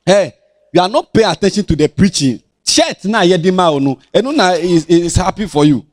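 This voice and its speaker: A man with a Ghanaian accent preaching a lively Bible lesson to children, animated and sing-song, teasing his listeners as he talks. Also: high voice, a little fast, dry recording.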